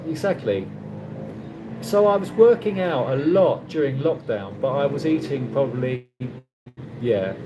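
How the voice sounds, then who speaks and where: Chatty London man, lively voice. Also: medium pitch, background noise. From London, England. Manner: rambling, chatty, many restarts. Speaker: livestream host. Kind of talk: casual live chat reading viewer comments.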